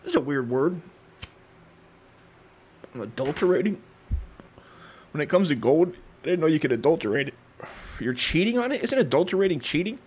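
A man's voice: a little high, big pitch swings, normal speed, pauses often, darkish tone, slightly rough. A man hosting a comedy podcast, reading history aloud and riffing in a crude, rambling, profane way. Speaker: podcast host.

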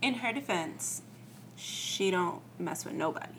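A woman's voice: on the low side, animated, measured pace, background noise. Playful woman podcast co-host. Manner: playful, laughs often, sings snippets. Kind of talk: casual chat.

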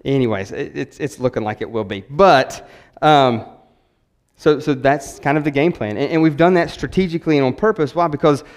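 A man's voice: mid-range voice, moderate pace. A man preaching a sermon as pastor, enthusiastic and chatty, rambling with frequent restarts. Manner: enthusiastic, conversational.

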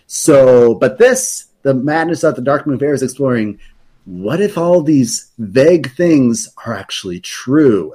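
A man's voice: mid-range voice, a little mellow. A man in casual podcast chat, explaining game lore at length with many fillers and restarts.

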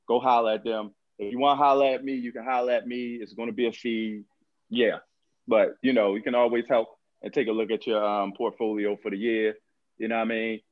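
A man's voice: fairly low pitch, level tone, fairly quick, lo-fi sound. A man who works as a financial advisor, talking casually on a podcast in a blunt, joking way, full of slang. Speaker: financial advisor, show regular.

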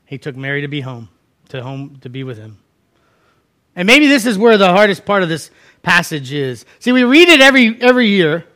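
A man with a high, bright voice preaches a sermon. He tells the scripture story like a casual chat, slipping into the characters' lines as he goes. His delivery stays folksy and conversational. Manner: storytelling, acting out voices in quotes. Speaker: pastor.

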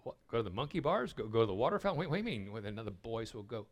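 An older man preaches at a retreat in a voice of ordinary pitch. He tells stories in a sermon style, repeating words as he gets going. He drops to a soft hush in tender moments. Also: big pitch swings, rapid-fire. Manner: storytelling, dropping to a hushed voice for tender moments; repeats words when starting a thought. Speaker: retreat speaker.

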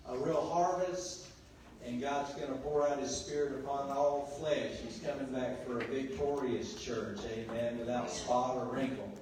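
A man, a pastor, preaching a sermon with call-and-response to the congregation, swinging between quiet and loud passages. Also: medium pitch, fairly even intonation, moderate pace, recorded from a distance, a little hiss or hum. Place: church sanctuary. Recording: very echoey church hall, voice from afar.

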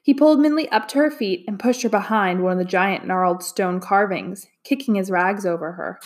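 A woman narrating a storybook in a calm, even way. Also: mid-range voice, fairly quick. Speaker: audiobook narrator. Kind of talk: storybook reading.

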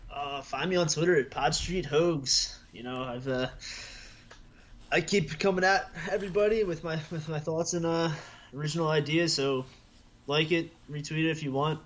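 A man's voice: a little high, fairly even intonation, normal speed. A man co-hosting a casual sports podcast, easygoing and self-deprecating, chuckling often. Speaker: podcast co-host.

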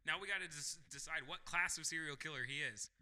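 A man's voice: fairly high pitch, a little fast, sharp tone. A man co-hosting a podcast, leading the questions in a casual chat and laughing often. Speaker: podcast co-host.

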